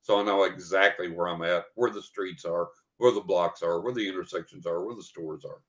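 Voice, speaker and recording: An older man with a drawl and a fairly low voice tells a story as a podcast guest. He paints each scene in detail and acts out what people said along the way. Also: steady tone, fairly quick. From West Texas. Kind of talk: vivid personal storytelling.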